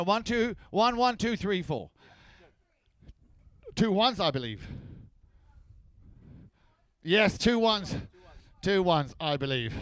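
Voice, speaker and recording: A man announcing a live polo match, calling out player names loudly to the crowd and then commentating on the play. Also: sits high, smooth, no echo.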